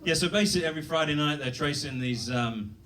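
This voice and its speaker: Brit guy doing standup, kinda rambly, bit higher voice, mic a bit far off. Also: fast talker, pushed and bright, slight background noise. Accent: British. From Britain. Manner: self-deprecating, rambling with fillers and restarts. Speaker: stand-up comedian. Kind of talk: stand-up set. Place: comedy club stage.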